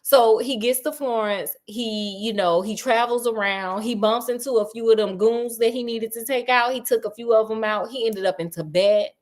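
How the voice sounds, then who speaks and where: A woman's voice: on the high side, moderate pace, hardly any pauses. A young adult woman hosting a casual retelling of a classic story, chatty, sassy and slangy, asking a listener questions. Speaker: storyteller host.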